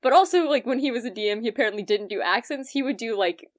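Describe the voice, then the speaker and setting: Animated young woman, podcast co-host. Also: on the high side, fast talker. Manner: animated storyteller, laughs often. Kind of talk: casual chat.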